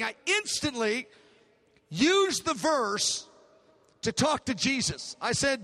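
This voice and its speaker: A man's voice: very high voice, big pitch swings, moderate pace, bright, forceful tone. An older man preaching a sermon, telling a story with emotion and acting out the dialogue in a large hall. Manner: emotional, dramatic retelling with acted-out dialogue. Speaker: pastor. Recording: long reverb of a large hall.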